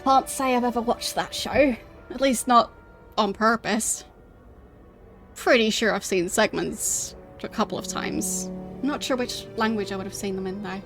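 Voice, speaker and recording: Slow-talking, giggly woman streamer. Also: a little high, a bit bright, faint music behind. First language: not English. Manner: chatty, laughs often, halting. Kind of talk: casual gameplay commentary.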